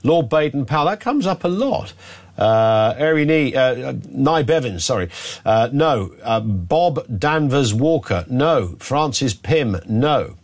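A man hosting a talk radio phone-in, chatty and quick with jokey asides. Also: mid-range voice, sing-song. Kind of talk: casual talk radio chat.

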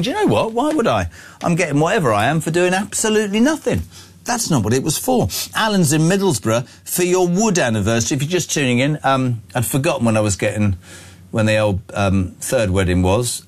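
A middle-aged man hosting a breakfast radio show, chatty and opinionated as he reads out listener texts. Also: medium pitch. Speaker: radio host. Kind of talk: breakfast radio talk and text reading.

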